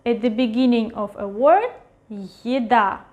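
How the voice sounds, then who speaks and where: A woman teaching a pronunciation lesson at a whiteboard, repeating each word slowly several times. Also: fairly high pitch, lively intonation, muffled recording. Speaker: language teacher. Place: at a whiteboard with a marker.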